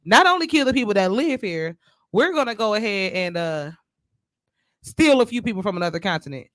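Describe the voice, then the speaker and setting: A man co-hosting a podcast, talking in a loose, animated way, spinning out his points with slang and "you know what I'm saying.". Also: high voice, dry recording, studio quality. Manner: animated, drawn-out storytelling with slang. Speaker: podcast co-host. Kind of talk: casual podcast chat.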